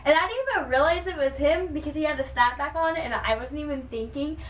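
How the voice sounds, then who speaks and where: A woman from Texas telling a long, excited fan story on her vlog, rambling with lots of "like" and "um" fillers. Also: sits high, quick pace, slight background noise. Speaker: vlogger. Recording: roomy sound with the mic at a distance.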